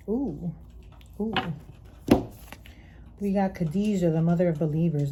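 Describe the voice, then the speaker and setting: A woman's voice: on the low side, drawn-out words, long pauses, background noise. A woman giving an earnest spiritual tarot reading, repeating her phrases, checking in with "okay?", and sighing between thoughts. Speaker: tarot reader.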